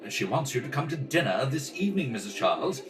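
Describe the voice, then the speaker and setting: A man's voice: medium pitch, sing-song, fast, distant mic, music in the background, close to an everyday voice. A man doing a polite, deferential servant. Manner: apologetic, deferential. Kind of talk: amateur radio play rehearsal. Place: home kitchen table.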